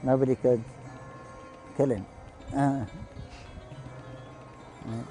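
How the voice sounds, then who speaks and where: A man with a dark, mellow voice tells devotional stories at an even pitch. He talks in a halting, anecdotal way, often quoting the people he describes, with faint music underneath. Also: low-quality recording. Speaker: devotee storyteller on a pilgrimage broadcast. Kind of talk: devotional storytelling talk.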